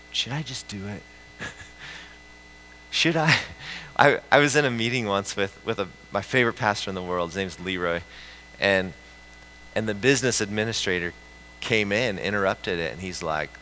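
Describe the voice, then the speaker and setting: Middle-aged man, pastor, low-ish bright voice, animated storytelling sermon, faint hum. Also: low-quality recording. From central United States. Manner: animated storytelling with frequent restarts and laughs. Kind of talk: conversational sermon.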